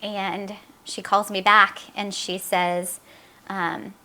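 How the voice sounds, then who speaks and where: Telling her daughter's story in an interview, a middle-aged woman gives an emotional personal account. Her medium-pitched voice is bright and forceful but level in tone, and she talks earnestly and hesitantly, with lots of fillers and re-enacted dialogue.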